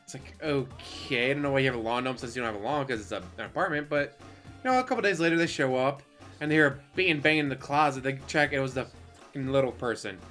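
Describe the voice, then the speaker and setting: A man's voice: mid-range voice, quick pace, a bit bright. A man ranting casually on a live stream, swearing a lot, laughing often and mocking the people he talks about. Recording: faint music behind.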